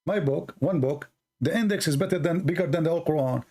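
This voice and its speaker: Man, gravelly voice, raised pitch, sarcastic, insistent debate host. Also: darkish tone. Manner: pressing, sarcastic, repeats questions slowly. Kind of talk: combative live call-in debate.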